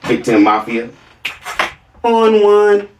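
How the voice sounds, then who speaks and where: A man's voice: sits high, sing-song, takes it slowly, roomy sound, distant mic, slight background noise. A man hosting a reaction video, mocking a clip with sarcastic commentary and repeated catchphrases.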